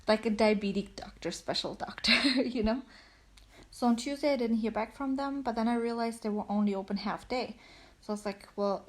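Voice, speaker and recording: A woman's voice: medium pitch, darkish tone. A young woman chatting casually at home, a little out of breath, rambling with lots of "like"s. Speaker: vlogger. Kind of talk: casual chat. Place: at home on a couch.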